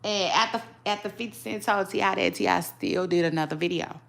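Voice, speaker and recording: Chatty gossip host, animated and laughing. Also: female voice, medium pitch, brisk, gravelly. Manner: chatty and animated, laughing, with many fillers and restarts. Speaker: gossip vlogger. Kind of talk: casual celebrity gossip commentary.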